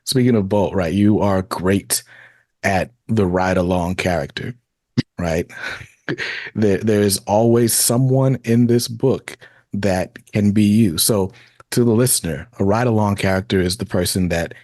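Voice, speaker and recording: A man co-hosting a podcast interview, relaxed as he explains terms for the listeners. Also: on the low side, measured pace, no room sound, studio quality. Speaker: podcast co-host. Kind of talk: casual interview chat.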